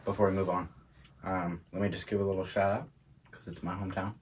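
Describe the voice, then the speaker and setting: A man's voice: low-pitched, level tone, fast talker, slight background noise. A man co-hosting a podcast, talking in a laid-back, casual way and laughing often. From England. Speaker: podcast co-host. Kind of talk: casual chat.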